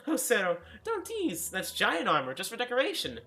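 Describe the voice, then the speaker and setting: A jittery young maid in a fantasy storybook tale, her voice pushed up high and bright as she pleads and fusses, the way a male reader puts her on. Loud and strained, with faint music playing underneath. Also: huge pitch swings, moderate pace, exaggerated voice. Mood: coaxing. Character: frantic young female housemaid.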